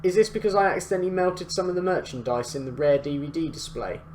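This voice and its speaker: A man's voice: on the high side, lively intonation, fast talker, darkish tone, slight background noise, close to an everyday voice. A man voicing a nervous, apologetic young male shop worker, talking in a fretful rush. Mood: anxious. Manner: anxious, fretful.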